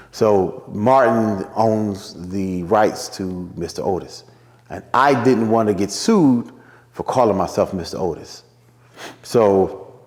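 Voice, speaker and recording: Man from Philadelphia, radio personality guest, animated storyteller, slight reverb. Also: lowish voice. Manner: animated storyteller acting out quotes in a raised voice. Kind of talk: casual interview storytelling.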